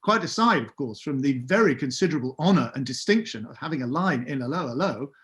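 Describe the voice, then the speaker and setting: A man's voice: mid-range voice, lively intonation, quick pace, fairly bright tone. A man in his fifties, a podcast guest telling a wry, self-deprecating story. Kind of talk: anecdotal storytelling.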